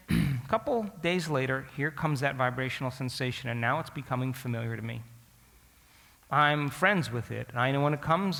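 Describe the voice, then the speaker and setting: With a medium-pitched, somewhat bright voice and a long reverb tail behind him, a man lectures by storytelling. Asking his audience questions head-on, he dramatizes the thoughts he once had.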